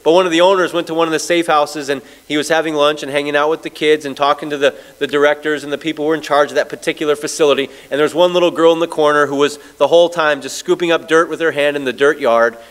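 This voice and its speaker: Higher-voiced man preaching a sermon. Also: fairly even intonation. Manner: storytelling preacher, slows down on scripture. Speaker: pastor.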